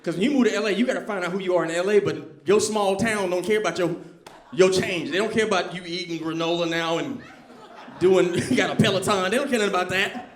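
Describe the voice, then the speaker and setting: Male stand-up comic, high voice, animated and conversational, roomy club echo. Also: fast talker, slight background noise. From Southern US. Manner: animated, conversational, quizzes the crowd. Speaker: stand-up comedian. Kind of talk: stand-up comedy set. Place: comedy club stage. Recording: echoey club room.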